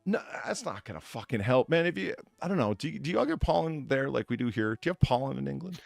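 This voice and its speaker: A man co-hosting a casual chat, stuffed up with a blocked nose and talking in a profane, sarcastic, animated way. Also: medium pitch, quick pace, creaky, dry recording, faint music behind. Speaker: podcast co-host.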